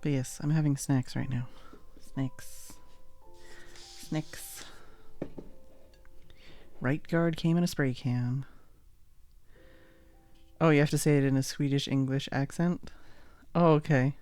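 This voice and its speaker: A woman's voice: extremely low pitch, steady tone, normal speed, long pauses, mellow, soft background music. Chatty rambling woman livestreamer. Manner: rambling, chatty, laughs often. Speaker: livestream host. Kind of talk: casual chat while making art on stream.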